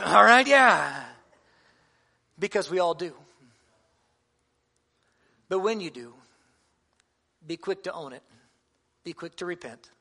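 A man's voice: high-pitched, a bit bright. A man in his thirties, a pastor giving a sermon to fathers, earnest and conversational with touches of humor.

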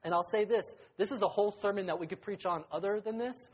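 A young adult man preaching as a youth pastor in a casual, joking, conversational sermon that rises to excited emphasis. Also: sits high, quick pace, husky. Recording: dull lo-fi recording.

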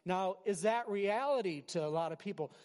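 A middle-aged man preaching a sermon as pastor, animated, swinging from loud emphasis to quiet asides and often restarting his words. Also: high voice, normal speed. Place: large hall with a congregation. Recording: long hall reverb.

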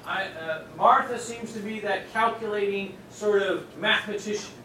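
A man preaching a sermon to a room, swinging from loud emphasis to hushed, near-whispered lines and acting out the voices he quotes. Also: high voice, moderate pace. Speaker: pastor. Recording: echoey hall miked from a distance, audible noise.

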